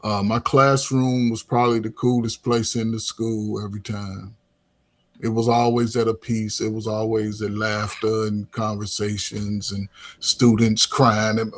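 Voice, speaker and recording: A middle-aged man with a lowish voice, a coach who used to teach, chats loosely and casually, restarting often and using plenty of filler words.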